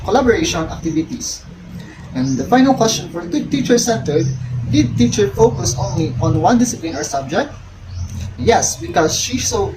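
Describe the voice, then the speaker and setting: A young woman, an education student reading out questions from her field study report and answering them, often restarting cut-off words. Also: mid-range voice. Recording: noisy recording with ambient noise and birds.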